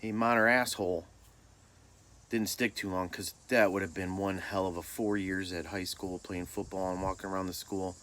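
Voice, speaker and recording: A middle-aged man from Michigan tells a story from his own life in a casual, easygoing way. His voice sits low, and he pokes fun at himself as he goes. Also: level tone, moderate pace, a bit bright. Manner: laid-back, self-deprecating humor. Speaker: storyteller vlogger.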